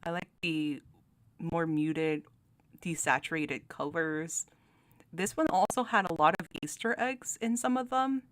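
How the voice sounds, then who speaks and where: A woman's voice: deep voice, a little slow, a bit bright. A young woman hosting her channel, chatting casually while ranking game cards, giggling often and talking with many fillers and restarts. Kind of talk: casual commentary.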